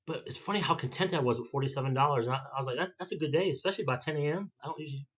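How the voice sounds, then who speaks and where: Fifties male vlogger, bright forward tone, casual rambling chat. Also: on the high side, rapid-fire, husky. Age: 50s. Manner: rambling storyteller who repeats and restarts himself.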